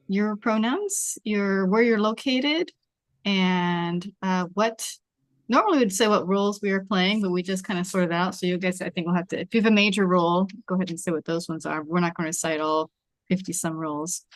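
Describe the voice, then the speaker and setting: A woman's voice: mid-range voice, dry recording. Woman hosting a live table read. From Washington state, USA. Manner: chatty, informal, apologetic. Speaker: host of an online table read. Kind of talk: casual hosting on a video call. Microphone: video call.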